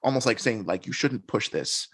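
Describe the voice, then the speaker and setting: Low-voiced man telling his story earnestly. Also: expressive, normal speed, fairly bright tone, breathy edge. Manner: earnest and reflective, recounting experiences. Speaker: podcast guest. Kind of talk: conversational storytelling.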